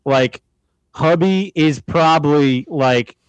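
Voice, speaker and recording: A podcast co-host talks in a high, animated voice. His manner is crude and mocking. The sound is dry and close to the mic. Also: takes it slowly, clear, resonant tone, no room sound, highs cut off. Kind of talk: casual chat.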